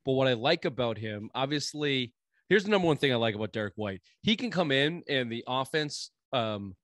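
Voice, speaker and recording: A man's voice: medium pitch, animated, a little fast, fairly bright tone, dry recording. A man with a New England accent, co-hosting a casual sports podcast and talking in a rambling, profane way with many fillers.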